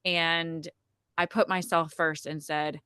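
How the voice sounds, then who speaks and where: Bright-voiced chatty woman telling a story. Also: deep voice, takes it slowly, clean tone, no room sound, studio quality. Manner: chatty, frequent "like" and "um" fillers, animated retelling. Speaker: podcast guest telling her birth story. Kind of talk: casual conversational storytelling.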